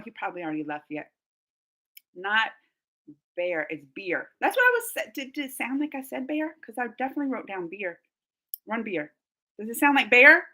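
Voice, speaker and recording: A woman's voice: a little high, bright, forceful tone. A young woman hosting a casual live stream, chatting and giggling as she reads out viewer comments. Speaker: reaction channel host.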